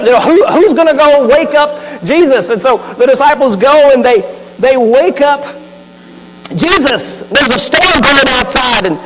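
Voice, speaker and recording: A man preaching a sermon as a pastor, telling the story animatedly with asides. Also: very high-pitched. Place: church sanctuary. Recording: hall reverb with faint mains hum.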